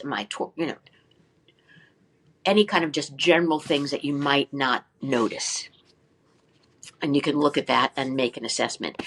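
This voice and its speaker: As a guest in an interview, an older woman who teaches flute explains practice techniques with liveliness in a low voice. She frequently asks rhetorical questions and sings short syllables by way of demonstration.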